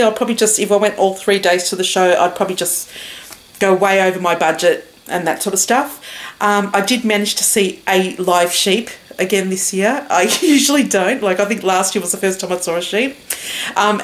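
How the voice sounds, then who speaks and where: A woman with an Australian accent chatting casually in a knitting vlog, rambling and full of fillers and restarts. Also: medium pitch. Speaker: knitting vlogger. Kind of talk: casual chat.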